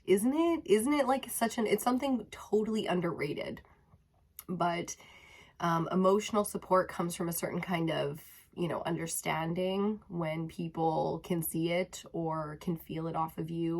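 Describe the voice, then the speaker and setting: Chatty woman giving a tarot reading. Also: fairly low pitch. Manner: warm, chatty, addresses viewers as loves. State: a little out of breath. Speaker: tarot reader. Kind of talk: casual spiritual chat to camera.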